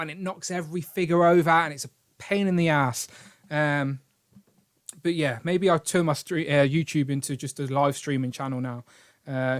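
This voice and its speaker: A British man hosting a toy collecting live stream, rambling and joking as he thanks donors. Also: fairly high pitch. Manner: rambling and jokey, reads out donations. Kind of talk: casual live-stream chat.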